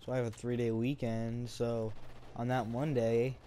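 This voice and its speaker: A young man talks in a flat monotone while he plays a shooter game. He rambles and swears at the game now and then. His voice is dark and mellow, and a faint hiss sits under it. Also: medium pitch, normal speed. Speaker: gaming video creator. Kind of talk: casual commentary over gameplay.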